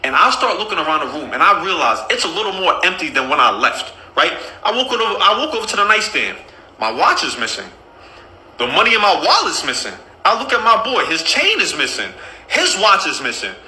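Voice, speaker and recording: A man on a podcast telling a comic story in a casual, profane, animated way. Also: sits high, fairly quick, roomy sound, low-quality recording. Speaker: podcast host.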